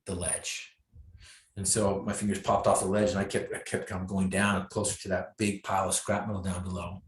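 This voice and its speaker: Low-ish voiced guy telling his story on an interview show, jokey about himself, does the voices, echoey room. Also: normal speed. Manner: animated storyteller, acts out his own and others' lines with bursts of pitch and volume; self-deprecating humor, laughs at himself. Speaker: guest speaker.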